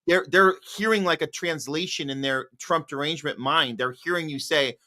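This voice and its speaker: Bright-voiced man rambling on his podcast. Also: fairly high pitch, moderate pace. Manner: rambling, many restarts, earnest questions. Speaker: podcast host. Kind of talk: casual political podcast chat. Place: Hollywood.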